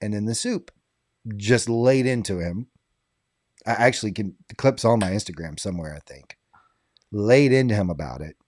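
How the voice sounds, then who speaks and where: A man in a casual podcast chat, spinning an animated anecdote and laughing as he goes. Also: fairly low pitch, normal speed, pauses often, dry recording, studio quality.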